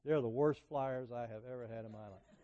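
A middle-aged man preaching a sermon, telling personal stories in a conversational way that swings from emphatic peaks to quiet asides. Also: medium pitch, a little fast, phone-quality sound.

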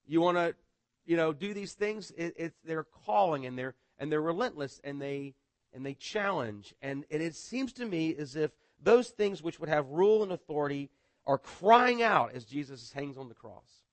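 A man's voice: on the high side, animated, moderate pace, no echo. Male pastor, middle-aged, sermon delivery, chatty, stumbling repeats, dry sound. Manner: conversational, repeats words, often asks "right?".

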